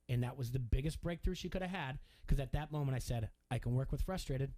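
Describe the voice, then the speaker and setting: A middle-aged man co-hosting a sports radio show, talking in a rambling, animated way with many restarts. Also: medium pitch, fast talker, few pauses. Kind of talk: casual sports talk.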